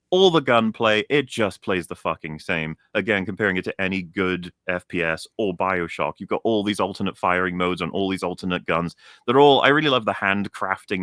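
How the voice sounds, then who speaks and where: A young man ranting on a stream about a video game, animated and profane. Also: low-pitched, no echo, studio quality. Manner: animated, profane, mocks characters in put-on voices. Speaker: stream guest.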